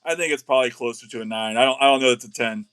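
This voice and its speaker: A middle-aged man, chatting excitedly on a live card-opening stream. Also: mid-range voice, rapid-fire, clean tone. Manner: excitable, says y'all a lot.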